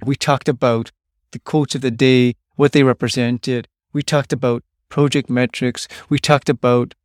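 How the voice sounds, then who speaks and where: A man hosting a podcast, telling a workplace story in a lively way and quoting coworkers in loud bursts. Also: medium pitch, no echo, clean studio sound. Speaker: podcast host. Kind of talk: storytelling monologue.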